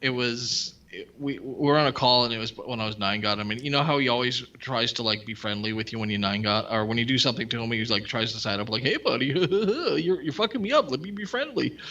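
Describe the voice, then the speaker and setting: A man's voice: medium pitch, steady tone, fast talker, hardly any pauses, pushed and bright, dull audio. A young man co-hosting a podcast, telling stories in a rambling, profane, casual way. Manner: rambling storyteller, laughs and swears. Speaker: podcast co-host. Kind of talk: profane casual commentary chat.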